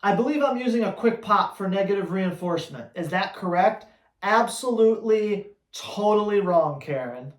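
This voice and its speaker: A man's voice: high-pitched, fairly quick, hardly any pauses, roomy sound. A man who trains dogs, answering viewer questions in a blunt, teasing, emphatic way. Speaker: dog trainer.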